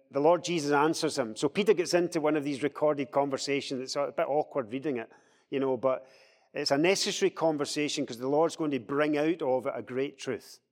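A man leading a Bible study discussion, explaining scripture with lively acted-out quotes. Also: on the high side, big-room sound. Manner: animated, acts out quoted speech in a raised voice.

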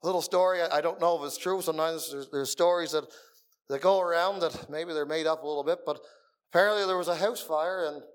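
A middle-aged man preaching a sermon in a meeting room, earnest, dropping to soft murmurs and rising again for emphasis. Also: fairly high pitch, steady tone, fast talker, clear, resonant tone.

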